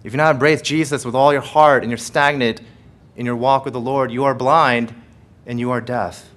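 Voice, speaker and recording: A pastor preaching a sermon with emphatic repetition and rhetorical questions, swinging between forceful passages and hushed prayer. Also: male voice, medium pitch, fairly even intonation, normal speed. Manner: emphatic preaching, rising loud then dropping to hushed prayer; repeats phrases and asks rhetorical questions.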